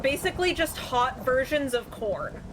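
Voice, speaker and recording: A woman's voice: high-pitched, sing-song, normal speed, noisy background. A woman co-streaming in casual chat, explaining things and laughing often.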